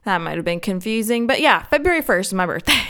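A woman's voice: mid-range voice, lively intonation, quick pace, a bit bright. A woman in her thirties hosting a podcast, chatting casually and rambling with lots of fillers and self-mocking laughs. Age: 30s. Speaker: podcast host. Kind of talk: casual solo chat.

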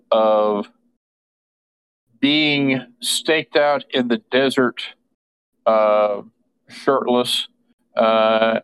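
A man serves as game master for a tabletop role-playing session, pausing often with fillers. His voice is smooth and full. The sound is dry and slightly dull. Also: medium pitch, dry recording. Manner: halting, with many fillers.

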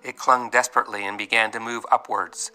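Bright-voiced man narrating a storybook. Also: mid-range voice, steady tone, brisk, low-quality recording. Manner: vivid, dramatic reading with voiced characters. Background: faint music.

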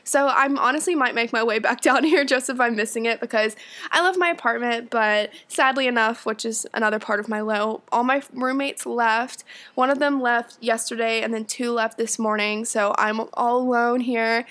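A woman's voice: on the high side, moderate pace, a bit bright. A young woman co-hosting a podcast in casual chat, bubbly and teasing, often laughing. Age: young adult. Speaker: podcast co-host.

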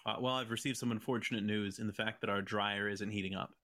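A man's voice: fairly low pitch, steady tone, fast, sharp tone, dry recording, studio quality. A man calling in to a chat from his phone, wry and matter-of-fact. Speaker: caller. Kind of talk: casual chat.

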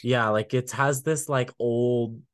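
A man's voice: mid-range voice, steady tone, slow pace, clean tone. A man co-hosting a music podcast, rambling casually with many fillers and frequent laughs. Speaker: podcast co-host. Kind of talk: casual chat.

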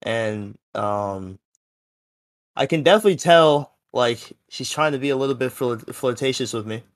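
A man's voice: medium pitch, lively intonation, normal speed. A seventeen-year-old young man telling a story in a casual podcast chat, rambling and full of fillers. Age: teens. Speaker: podcast co-host.

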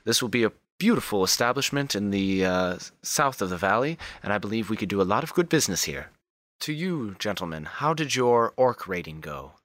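A man's voice: lowish voice, animated, fairly bright tone, no echo. A man voicing Wilhelmina, a gracious, formal businesswoman in a tabletop game. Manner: courteous, measured, formal phrasing.

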